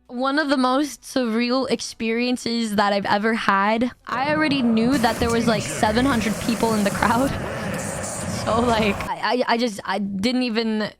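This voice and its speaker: High-voiced, excitable young woman streamer. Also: measured pace, music in the background. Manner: excitable and rambling, swears freely, laughs often. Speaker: VTuber streamer. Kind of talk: casual storytelling to a stream chat.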